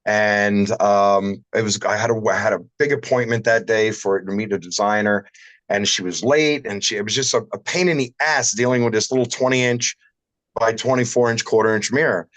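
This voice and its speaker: Man, glass shop owner, casual livestream chat, rambling and salty, low voice, dry sound. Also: moderate pace, a bit bright, no room sound, poor audio. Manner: rambling anecdotal storyteller, salty language. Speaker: shower door shop owner.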